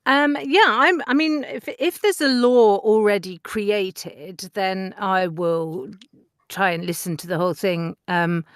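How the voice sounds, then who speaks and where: Woman, 40s, voice actor guest; unhurried, clear tone, close dry sound. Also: mid-range voice, no echo. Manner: chatty, laughs often, many ums. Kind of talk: interview conversation.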